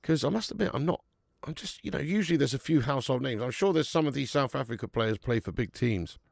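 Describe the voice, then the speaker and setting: A man's voice: medium pitch, expressive, quick pace, vocal fry, dry recording, studio quality. A man with a chatty, sweary manner hosting a live football watch-along, greeting viewers in the chat as he commentates.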